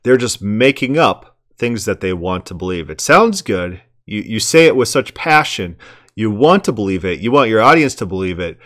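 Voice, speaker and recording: A man's voice: on the low side, sing-song, moderate pace, fairly bright tone. Emphatic man arguing a point. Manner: emphatic, argumentative, rhetorical questions, repeats words. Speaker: commentator critiquing a sermon. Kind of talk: commentary.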